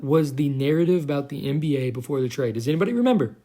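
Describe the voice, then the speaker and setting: A man's voice: medium pitch, expressive, rapid-fire, few pauses, dark tone. A young man giving a heated, profane, sarcastic commentary rant as a vlogger. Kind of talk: ranting commentary.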